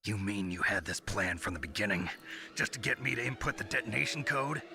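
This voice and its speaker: An actor voicing a gruff, terse male soldier hero in a video game, gravelly and clipped. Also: lowish voice, lively intonation, a little fast, sharp tone, full character voice. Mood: tense. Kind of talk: video game cutscene acting. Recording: game audio with music.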